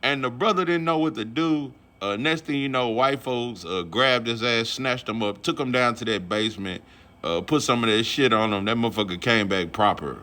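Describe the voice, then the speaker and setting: A man's voice: medium pitch, normal speed, sharp tone. A man vlogging about boxing in a casual, rambling, profane rant full of fillers.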